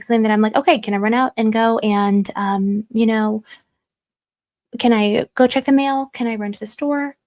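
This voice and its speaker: A young adult woman hosting a livestream in casual, chatty talk, animated as she answers viewer comments. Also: a little high. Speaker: livestream host. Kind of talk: casual chat.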